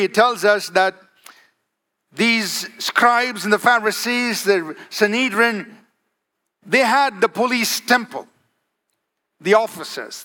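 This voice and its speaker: A man preaches a sermon emphatically, calling out "Amen?" to the congregation and changing his pace for effect. His voice is high with a sharp tone.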